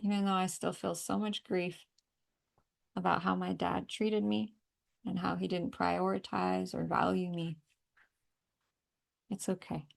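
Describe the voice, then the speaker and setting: A woman leading a guided energy-healing call, calmly repeating affirmations and breathing cues. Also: lowish voice, unhurried, gravelly, long pauses. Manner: calm, repetitive guiding with breathing cues. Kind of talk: guided tapping and affirmation session.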